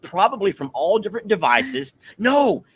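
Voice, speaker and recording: A man's voice: high voice, very animated, normal speed, a little hiss or hum. A man hosting a casual livestream outdoors on a farm, chatty and teasing. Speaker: livestream host.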